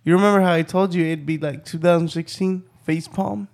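A man's voice: sits high, fairly even intonation, brisk, vocal fry, darkish tone. A young man in casual, profane chat, rambling through a story and acting out both sides of the talk.

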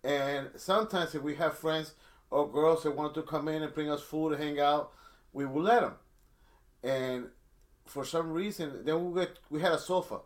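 Middle-aged guy spinning a rambling story, kinda high voice, keeps restarting. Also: steady tone, moderate pace. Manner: rambling, many restarts, acts out quotes. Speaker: storyteller guest. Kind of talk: casual storytelling.

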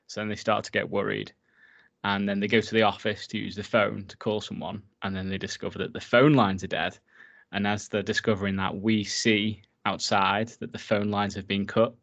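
A man's voice: on the low side, little pitch movement, normal speed, gravelly, fairly bright tone, lo-fi sound. A man casually recapping a horror film for his co-host, enthusiastic and swearing freely. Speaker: podcast co-host.

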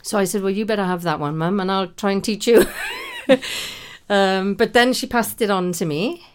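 A woman's voice: medium pitch, normal speed, slight background noise. A middle-aged woman, a singer being interviewed in a radio studio, chatting casually with lots of fillers and easy laughs.

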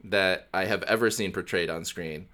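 A man's voice: low voice, moderate pace. A man co-hosting a podcast, recapping a film in casual chat and slipping into mock voices. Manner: animated storyteller, does mock voices. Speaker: podcast co-host. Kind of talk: casual movie discussion.

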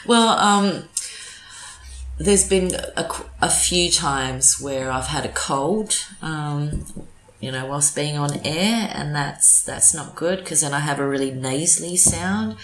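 A woman's voice: low voice, slow. An Australian woman who presents community radio, chatting casually as an interview guest with many restarts and fillers. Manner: relaxed, talks in restarts and fillers. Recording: echoey room, faint noise.

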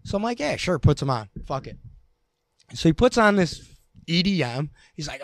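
A man telling a story to his friends in a loose, offhand way, cursing as he goes. His voice sits a little high. He sounds dry and close to the mic. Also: very animated, moderate pace, dry recording. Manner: laid-back, profane storyteller. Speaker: contestant. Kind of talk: casual storytelling chat.

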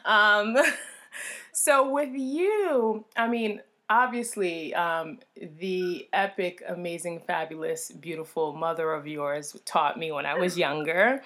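Woman host, casual chat, effusive and animated, breaks into laughter often. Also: fairly low pitch, measured pace, few pauses.

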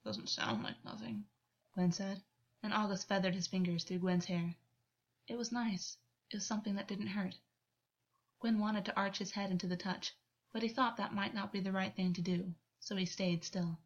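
A woman reading a story aloud as narrator in an even, unhurried way. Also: mid-range voice. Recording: dull lo-fi recording.

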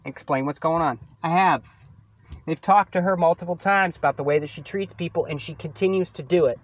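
A man's voice: a little high, fairly quick, muffled recording. A man hosting his own podcast, venting about a coworker in a profane, sarcastic solo rant. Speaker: podcast host.

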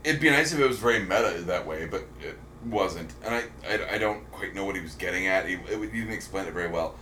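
A man co-hosting a podcast rambles through casual film chat, full of ums and restarts. His voice sits low, and the room adds a noticeable echo with a faint hiss underneath. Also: quick pace, bright, forceful tone. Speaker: podcast co-host. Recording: roomy echo with faint noise.

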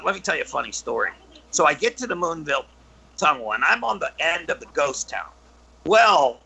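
A man guest telling stories in casual chat, halting with many fillers and restarts, and animated when he gets into the story. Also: on the high side, vocal fry, poor audio.

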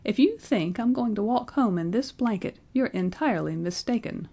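A woman's voice: medium pitch, expressive, normal speed, creaky, warm tone, slightly rough, pitched above the performer's own voice. A woman voicing a querulous, complaining old man who has just been born, whining and quavering as he speaks. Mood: petulant. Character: querulous old man, newborn, whiny and demanding.

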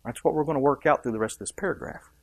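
A man's voice: mid-range voice, rapid-fire, breathy edge, no echo. Emphatic preaching man, dry sound. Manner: emphatic preaching, rising and dropping for effect; asks the congregation questions. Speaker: pastor. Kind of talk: sermon.

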